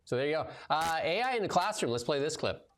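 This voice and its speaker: On a casual livestream chat, a man with a voice on the high side talks at a quick pace. This show host and commentator is loose and chatty, full of fillers, and tells stories with liveliness.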